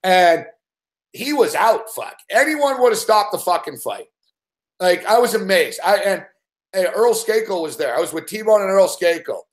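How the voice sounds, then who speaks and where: Man, betting show host, casual storytelling, constant swearing, slightly high voice. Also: moderate pace. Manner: swears constantly, rambling and excitable.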